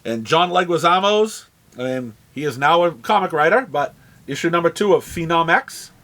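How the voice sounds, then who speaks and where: A man with a New England accent and a high voice talks casually through a shop's new arrivals. He rambles, trails off and restarts his phrases, with plenty of ums along the way. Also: animated, moderate pace, a bit bright. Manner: rambling, with frequent fillers and restarts. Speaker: comic shop host. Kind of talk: casual product rundown.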